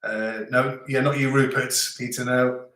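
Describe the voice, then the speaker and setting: A man's voice: medium pitch, flat delivery, unhurried, a bit bright. A middle-aged man hosting a live stream, chatting casually and rambling as he reads out viewer comments. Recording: echoey room.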